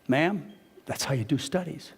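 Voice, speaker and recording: A man giving a live lecture as a physician, telling stories with animated quotes and asides to the audience. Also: a little high, normal speed, creaky, slightly rough. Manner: animated storytelling, quotes others with raised voice. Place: lecture hall. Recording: long reverb of a lecture hall.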